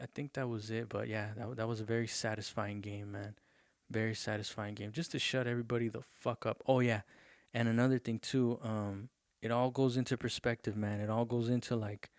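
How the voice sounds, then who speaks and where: A man's voice: on the low side, no room sound, clean studio sound. Rambling, profane young man on a podcast. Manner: loose, profane, rambling with many fillers. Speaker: podcast host. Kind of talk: casual solo podcast rant.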